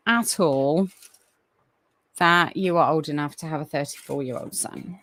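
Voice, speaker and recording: A woman's voice: low voice, unhurried, fairly bright tone, no echo. A woman hosting a casual live stream, chatty and apologetic, with lots of ums and restarts. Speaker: livestream host.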